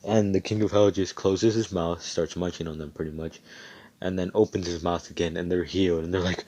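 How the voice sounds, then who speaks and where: A young man with a deep voice rambles through a fan-made story in loose, casual talk. He swears freely and often loses his thread. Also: steady tone, a little fast, mellow, a little hiss or hum.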